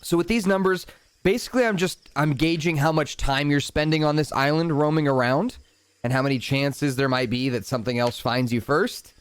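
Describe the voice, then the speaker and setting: A man narrating a tabletop game as dungeon master, setting scenes calmly and chatting casually between rolls. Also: a little high, moderate pace, clean tone, no room sound. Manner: calm, descriptive scene-setting with casual asides.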